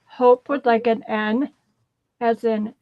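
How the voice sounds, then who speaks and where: A woman with a slightly high voice calmly reads out buyers' orders at a live sale. She speaks slowly, and the recording sounds dull and dry. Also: no echo. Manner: calm, relays comments. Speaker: sale assistant reading orders. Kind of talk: reading buyer requests.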